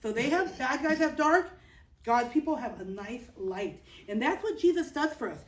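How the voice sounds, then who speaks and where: A woman teaching children, telling a Bible story in a lively, playful and expressive way. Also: high voice, normal speed. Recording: roomy, distant mic.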